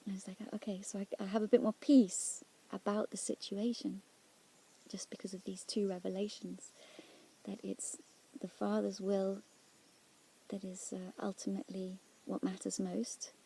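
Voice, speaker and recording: A woman telling of a prayer experience in a reflective, halting way, often dropping into near-whispers. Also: mid-range voice, flat delivery, creaky, a little hiss or hum. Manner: soft-spoken, drops often into near-whispers; halting and searching, with restarts. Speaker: Christian speaker sharing a prayer experience. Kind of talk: reflective personal testimony.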